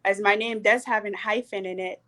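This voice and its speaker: A young woman from South Sudan with a South Sudanese accent, earnestly telling a personal story with hesitant pauses and fillers. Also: mid-range voice, steady tone, pushed and bright. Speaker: panel speaker.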